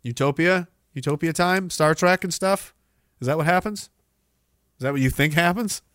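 A man hosts a stream and mocks what he watches, his voice high and bright. He slides from muttering into shouting. The sound is dry and close. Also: normal speed, no echo. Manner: sarcastic, mocking, bursts into shouting. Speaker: stream host. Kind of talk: ranting commentary on a video clip.

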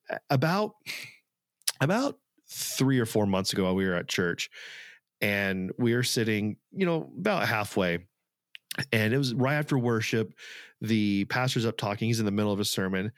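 A man's voice: lowish voice, no room sound, studio quality. A man co-hosting a podcast, talking casually and earnestly, rambling with fillers and restarts. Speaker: podcast co-host. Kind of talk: casual chat.

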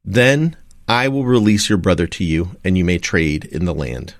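A man's voice: low-pitched, expressive, normal speed, no echo, clean studio sound, voice pushed down. A man reading as a stern lord of the land.

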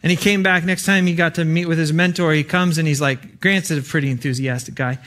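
A man's voice: a little high, fairly even intonation, brisk, fairly bright tone. A young adult man preaching an earnest, conversational sermon with frequent fillers.

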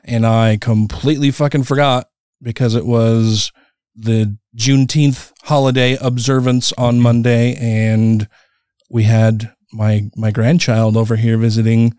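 A man's voice: medium pitch, flat delivery, a little slow, mellow, clear, resonant tone, no echo, studio quality. A middle-aged man hosting a podcast, chatting casually with a laid-back, swearing manner and frequent laughs. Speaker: podcast host.

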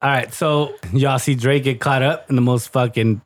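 A man co-hosting a podcast in casual banter, excitable and swearing freely as he points things out on screen. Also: mid-range voice, moderate pace. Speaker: podcast co-host.

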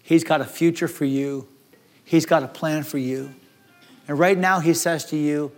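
High-voiced male pastor, dramatic sermon delivery. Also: steady tone, measured pace. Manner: dramatic, acts out despairing voices.

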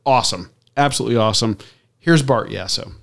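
A man's voice: mid-range voice, fast, gravelly, a bit bright. A man co-hosting a running podcast, upbeat and teasing as he introduces each segment. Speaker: podcast co-host. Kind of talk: casual chat.

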